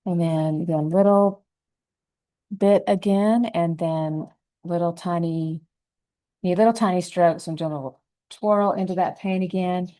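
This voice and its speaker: A woman giving a gentle, unhurried step-by-step painting lesson, talking through each brush stroke as she works. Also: lowish voice, steady tone, low-quality recording. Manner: gentle, unhurried, thinking aloud while painting. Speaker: painting instructor.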